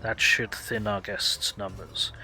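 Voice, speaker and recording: A man voicing a young, easygoing but bloodthirsty gang boss who talks in a slow, lazy drawl. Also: fairly low pitch, flat delivery, bright, forceful tone, a little hiss or hum, exaggerated voice. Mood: lazy menace.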